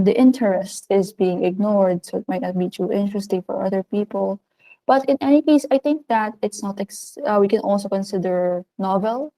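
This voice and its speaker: In this recorded video lesson, an adult woman of working age speaks with a Filipino accent and a lively, cheerful delivery full of abrupt pitch rises. The audio quality is poor.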